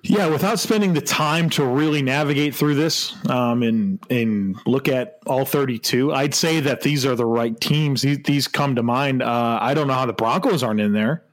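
A man's voice: medium pitch, moderate pace, few pauses. A man co-hosting a casual sports podcast, chatting about football with frequent laughter and hesitant restarts. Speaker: podcast co-host.

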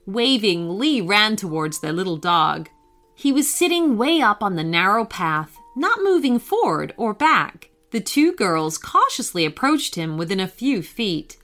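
Bright, lively woman reading a children's story. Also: medium pitch, unhurried. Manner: gentle, expressive read-aloud. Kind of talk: scripted children's story narration. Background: faint music.

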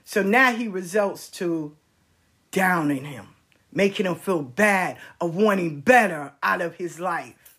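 A woman telling a story in a casual, animated way, full of slang and emphasis. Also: on the low side, slow, slightly rough.

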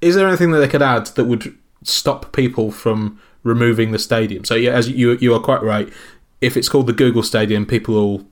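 A man co-hosts a casual football podcast at a middle pitch. He hesitates and restarts as he talks. His voice is everyday and unforced. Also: a little fast. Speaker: podcast co-host. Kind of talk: casual chat.

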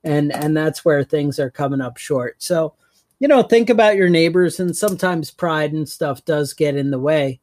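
A man with a slightly high voice, chatting casually on a podcast. He rambles through stories and laughs easily. The sound is dry and close, with no room echo. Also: moderate pace, darkish tone. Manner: rambling storyteller, laughs often. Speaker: podcast co-host. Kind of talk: casual chat.

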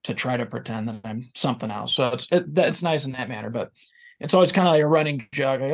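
A man's voice: mid-range voice, lively intonation, fast, vocal fry. A man speaking earnestly and reflectively as a guest in a casual podcast conversation.

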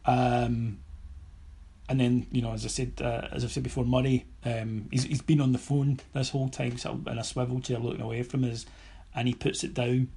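A Scottish man telling stories on a podcast in a casual, animated way, mimicking other people and swearing now and then. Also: mid-range voice, vocal fry, husky. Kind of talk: casual anecdotal storytelling.

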